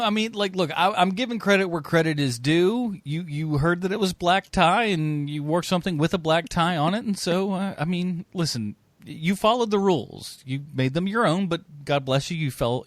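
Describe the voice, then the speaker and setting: Guy hosting a movie podcast, kinda high voice, bouncy and jokey, dry close mic. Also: moderate pace, few pauses, no room sound. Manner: animated, jokey, trails off quietly. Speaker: podcast host. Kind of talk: casual chat.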